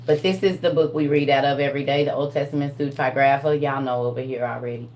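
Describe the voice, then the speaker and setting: A woman hosts a live online class in casual chat, animated, laughing and talking straight to her viewers. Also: rumbling low, fast, reverberant, slight background noise. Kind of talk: casual livestream teaching chat.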